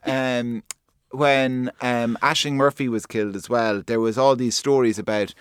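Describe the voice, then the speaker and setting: A man hosting a radio show, speaking at a mid pitch in an easygoing, chatty manner. The studio sound is dry and close. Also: fairly even intonation, a little slow, clear, resonant tone, no room sound. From Ireland. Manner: easygoing, conversational. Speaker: radio host. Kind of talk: radio interview. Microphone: studio microphone.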